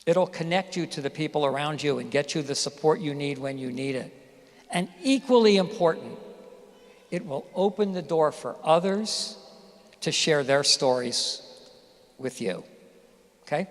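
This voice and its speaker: A man's voice: a little high, lively intonation, moderate pace. A man giving a commencement speech, telling stories and asking the audience questions. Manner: storytelling, addresses audience directly with questions. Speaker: commencement speaker. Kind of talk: graduation speech. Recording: reverberant hall.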